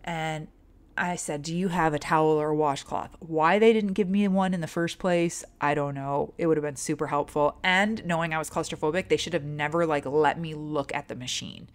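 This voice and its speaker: A middle-aged woman hosting a podcast, telling a personal story in a casual, animated way and acting out her own panic. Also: low voice, normal speed. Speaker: podcast host.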